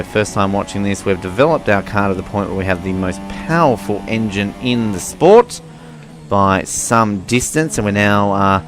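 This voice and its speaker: A young man giving rambling, self-mocking commentary while playing a racing game. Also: lowish voice. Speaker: gaming commentator. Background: faint car engine noise.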